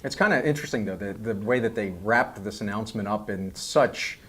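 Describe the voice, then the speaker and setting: A man speaking on a tech panel in a measured way, with frequent fillers. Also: lowish voice, a crowd in the background. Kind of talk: casual tech panel chat.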